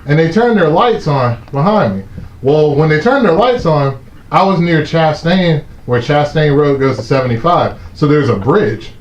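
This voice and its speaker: A man, hosting a live stream and telling a story in a casual, animated way, swearing often and acting out the shouting cops. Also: fairly high pitch, moderate pace. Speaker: host of a live stream talk show. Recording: echoey muffled room sound.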